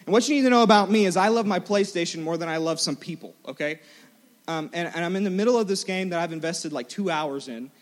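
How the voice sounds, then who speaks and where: High-voiced preacher. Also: male voice, fast talker. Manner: animated, self-mocking storytelling. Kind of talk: storytelling sermon. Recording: large hall with long reverb.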